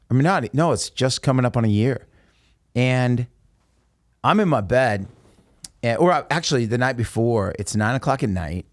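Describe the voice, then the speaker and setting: Male podcast guest, mid-pitched, animated storyteller, dry close sound. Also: dry recording. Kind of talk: casual storytelling.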